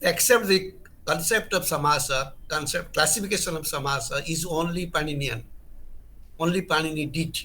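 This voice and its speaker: Emphatic bright-voiced male teacher. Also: a little high, moderate pace. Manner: earnest, emphatic, repeats key terms and restarts phrases. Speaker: Sanskrit grammar teacher. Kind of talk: online lecture.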